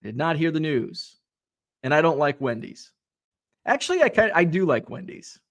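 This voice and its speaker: A man chats casually through a hobby livestream, his voice sitting a little high. He rambles, drops fillers and reads viewers' comments aloud as they come in. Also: very animated, normal speed. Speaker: livestream host reading chat.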